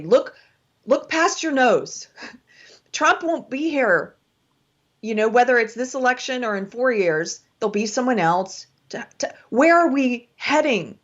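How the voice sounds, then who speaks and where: A woman co-hosting a political talk show, speaking in an impassioned, pleading way and often stammering and repeating her words. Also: on the high side. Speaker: co-host. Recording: dull lo-fi audio.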